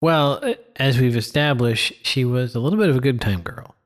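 A man's voice: mid-range voice, animated, brisk. A man co-hosting a casual film podcast, making wry, joking asides. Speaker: podcast co-host.

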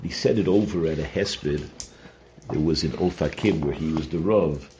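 A man's voice: a bass voice, normal speed, darkish tone. A man teaching a weekly Torah portion class, earnest and explanatory, often restarting and repeating his words. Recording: noisy recording.

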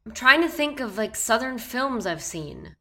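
A woman's voice: fairly high pitch, very animated, measured pace, bright, forceful tone. Hesitant woman thinking aloud. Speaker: quiz player. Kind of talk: casual game chat.

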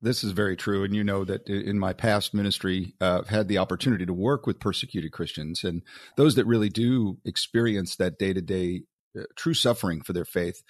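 A man co-hosting a podcast, agreeable and quick to laugh, reading quotes with a sarcastic flourish. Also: low-pitched, dry recording. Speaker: podcast co-host. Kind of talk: casual podcast discussion.

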